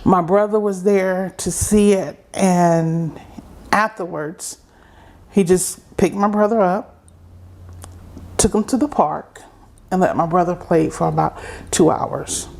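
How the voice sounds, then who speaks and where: A middle-aged woman, an interview guest, telling a personal story in a halting, unhurried way with many pauses. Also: fairly low pitch, vocal fry, a little mellow. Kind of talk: personal testimony in conversation.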